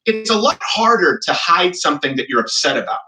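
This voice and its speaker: A male political commentator talking in a measured way with some filler pauses. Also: high voice, sing-song, bright, forceful tone. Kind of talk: talk show commentary. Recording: echoey room, distant mic.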